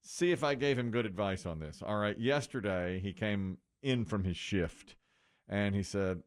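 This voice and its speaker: A man's voice: fairly low pitch, normal speed. A middle-aged man hosting a morning radio show, telling a story casually and swinging his voice for the people he quotes.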